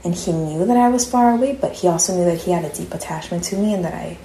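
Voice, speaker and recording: A young woman in college talks fast into her personal audio diary, candid and conversational before turning openly emotional. Her fairly low voice is creaky and dark, with a slight hiss or hum and a roomy echo around it.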